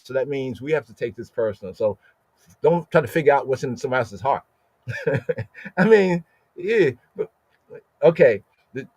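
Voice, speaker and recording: A man teaching scripture in a podcast, explaining Hebrew words slowly and asking "right?" again and again. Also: on the high side, a little mellow, dry recording, dull audio. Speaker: Bible teacher.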